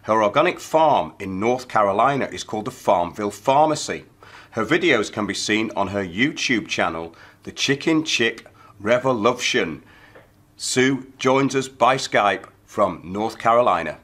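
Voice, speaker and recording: A man hosting an online show, giving a measured, formal scripted introduction. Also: fairly low pitch, expressive, fairly bright tone. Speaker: host.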